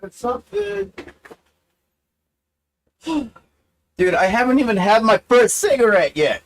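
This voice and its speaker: Talking to camera on his livestream, a man drifts through a profane, self-mocking, rambling monologue. He sounds very animated, with wide, sudden pitch swings, yet he speaks slowly and leaves long pauses. A little hiss or hum sits under the recording.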